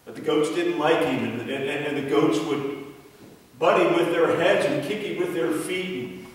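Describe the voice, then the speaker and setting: A man preaching a children's sermon, telling a story in an animated way and then praying. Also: fairly high pitch, unhurried. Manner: animated storyteller, voice rising for quoted characters. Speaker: pastor. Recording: echoey hall from far off.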